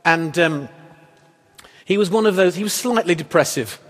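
A man's voice: sits high, moderate pace. A man preaching a sermon as pastor, in a conversational, wry style full of rhetorical questions. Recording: echoey hall reverb.

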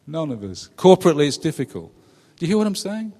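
Chatty pastor in a hall. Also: male voice, fairly high pitch, sing-song, fast talker, dark tone, slightly rough. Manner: chatty, asks the congregation questions, laughs at his own jokes. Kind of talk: conversational sermon. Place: church.

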